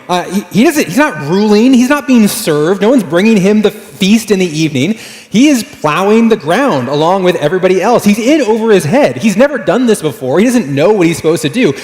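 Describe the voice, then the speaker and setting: A male pastor delivers a sermon in a relaxed, chatty storytelling manner, his voice sitting a little high for a man. The sound carries a long reverb from a roomy church hall. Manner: conversational, animated storytelling with fillers. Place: church sanctuary.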